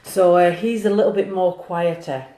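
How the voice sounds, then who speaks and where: A woman's voice: lowish voice, fairly even intonation, moderate pace, dark tone, echoey room. A woman doing a live-streamed psychic reading, earnest and emotional, talking to viewers by name. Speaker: psychic medium.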